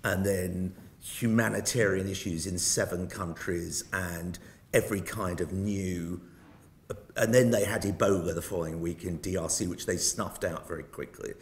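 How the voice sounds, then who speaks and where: A man's voice: low-pitched, steady tone, moderate pace. An older British man giving a public lecture, telling wry, self-mocking anecdotes. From Britain. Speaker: guest lecturer. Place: lecture hall. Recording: roomy hall sound.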